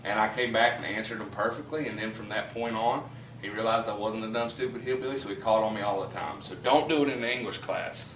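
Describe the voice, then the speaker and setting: A man's voice: fairly low pitch, steady tone, quick pace, a bit bright, reverberant, recorded from a distance, a little hiss or hum, low-quality recording. A man with a southern West Virginia accent, a chemistry teacher telling rambling, folksy stories to his class and lecturing. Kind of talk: casual classroom storytelling and lecture.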